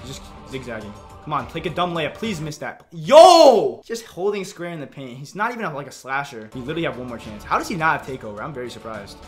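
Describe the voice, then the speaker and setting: A young man giving excitable live commentary on his own video game match, reacting loudly to each play. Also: fairly high pitch, fast, faint music behind. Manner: excitable, reacts loudly to plays, frequent "yo" and "literally". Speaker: gaming YouTuber.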